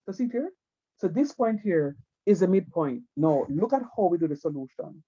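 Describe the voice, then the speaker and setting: A man's voice: high-pitched, animated, moderate pace, dark tone, slightly rough, highs cut off. A man, teaching math in an online class, repeating himself and coaxing students to watch. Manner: repetitive, coaxing, keeps saying "watch me".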